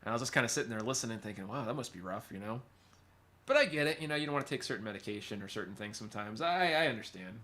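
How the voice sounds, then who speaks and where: A man's voice: fairly low pitch, lively intonation, racing, bright, forceful tone. A man from California's Central Valley hosting a casual livestream, rambling, laughing often and reading chat aloud. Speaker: livestream host and musician.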